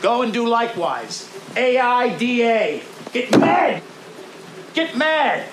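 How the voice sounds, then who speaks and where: A domineering sales boss who tears into his team with harsh contempt. His voice sits high and leaps around in pitch. Faint rain hisses in the background of the film audio. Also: sing-song, slow pace, heavily acted. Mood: contemptuous. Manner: harsh, berating, swaggering. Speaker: film character. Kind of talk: film drama acting.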